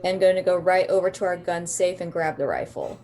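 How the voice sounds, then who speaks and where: A woman's voice: fairly low pitch, expressive, a little fast, warm tone. A woman playing a tabletop game, asking questions and declaring her character's actions. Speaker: player. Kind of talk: casual tabletop play.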